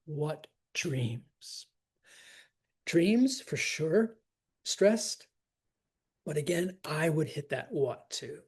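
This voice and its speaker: Husky slow-talking acting teacher, man. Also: fairly high pitch, expressive, a little mellow. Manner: enthusiastic, chatty, laughs often, counts and taps out stresses. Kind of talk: scansion lesson.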